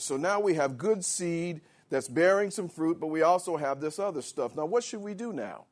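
A man preaching a sermon. He reads scripture slowly, explains it in plain words, and rises to emphatic shouts. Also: fairly high pitch, animated.

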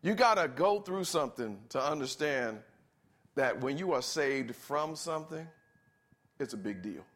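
Emphatic higher-voiced preacher delivering a sermon. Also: male voice, expressive, measured pace, fairly bright tone. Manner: emphatic, asks the congregation to answer and repeats key phrases.

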